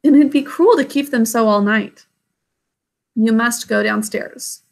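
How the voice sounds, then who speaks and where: Woman reading a wise ageless grandmother, tender, reassuring, gravelly edge. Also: a little high, unhurried, a little mellow. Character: ageless gentle queenly great-grandmother, calm and wise.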